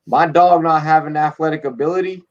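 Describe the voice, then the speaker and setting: A man hosting a casual late-night live stream, drinking and telling rambling, profane, animated stories. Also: fairly high pitch, fairly quick. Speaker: podcast host. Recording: dull lo-fi stream audio.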